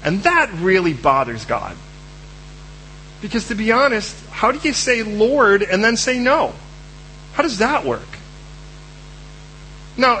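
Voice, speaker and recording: Preacher, male, high voice, animated delivery, acts out characters, slight background hum. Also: rough recording. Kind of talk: sermon.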